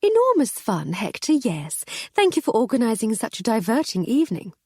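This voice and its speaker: Dry-witted society lady, voiced by a woman narrator, pitched up, very lively. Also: normal speed, breathy edge, no echo, full character voice. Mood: arch. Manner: arch, drawling, witty. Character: aristocratic English lady, witty and dry.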